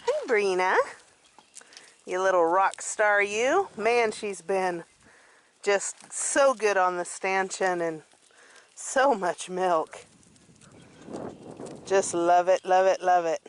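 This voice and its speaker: A woman's voice: medium pitch, slow pace, pauses often. A woman vlogging casually outdoors on her goat farm, chatty and affectionate as she talks into a handheld camera. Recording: noisy outdoor farm, with goats bleating.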